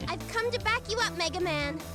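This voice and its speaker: Roll, a very high-pitched, eager girl mechanic. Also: animated, fairly quick, loud music behind the voice. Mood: encouraging. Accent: Canadian. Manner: earnest, apologetic, supportive. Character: cheerful young girl mechanic helping the hero.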